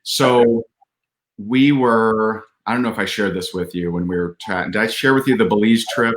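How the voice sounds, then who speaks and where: A man's voice: on the low side, moderate pace, fairly bright tone, roomy sound. A man talking as a podcast guest, telling a candid personal story earnestly, with frequent restarts and fillers.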